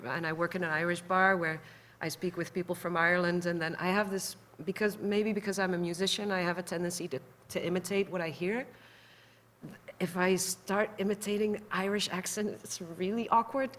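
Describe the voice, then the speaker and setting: A woman's voice: on the low side, steady tone, moderate pace, a bit bright. A woman from the Netherlands with a Dutch accent, speaking on a panel as a musician in a thoughtful, candid, somewhat hesitant way. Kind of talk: panel discussion.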